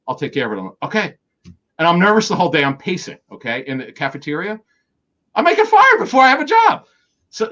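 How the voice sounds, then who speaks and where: A middle-aged man tells a long anecdote as an interview guest, acting out the dialogue and restarting his sentences. His voice sits at a mid pitch. The recording sounds slightly dull. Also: fairly bright tone. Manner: rapid anecdotal storytelling with quoted dialogue and many restarts. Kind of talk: storytelling in an interview.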